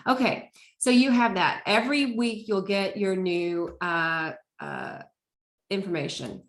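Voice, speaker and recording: A woman's voice: medium pitch, measured pace. Chatty woman teacher in an echoey room. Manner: relaxed, chatty, with fillers. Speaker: college instructor. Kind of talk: casual course walkthrough.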